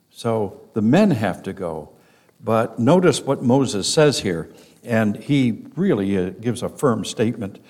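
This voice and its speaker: Slow, emphatic male Bible teacher. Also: mid-range voice, darkish tone. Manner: emphatic, slow and deliberate, stressing key words. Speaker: pastor.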